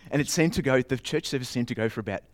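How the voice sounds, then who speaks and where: A man preaching in a chatty, self-mocking way, telling a childhood story with animated voices and sound effects. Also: medium pitch, racing. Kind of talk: storytelling sermon.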